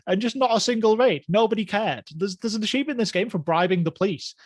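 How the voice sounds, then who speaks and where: A man co-hosting a casual podcast, rambling through his thoughts with plenty of fillers, restarts and chuckles. His voice sits a little high, and the recording is dry and close. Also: fast talker, no room sound. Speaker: podcast co-host. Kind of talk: casual chat.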